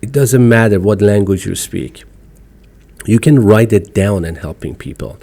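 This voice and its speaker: A man with an Iranian accent speaks as a podcast guest, his English broken but emphatic and outspoken. His voice sits somewhat low, with a dark, mellow tone. He talks in a casual conversational way. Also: a little slow, vocal fry. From Iran. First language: Farsi.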